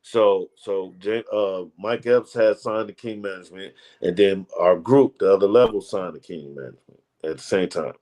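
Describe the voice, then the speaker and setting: Brief: male comedian, lower voice, loose slangy storyteller. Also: moderate pace, darkish tone. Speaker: comedian guest. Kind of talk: casual storytelling interview.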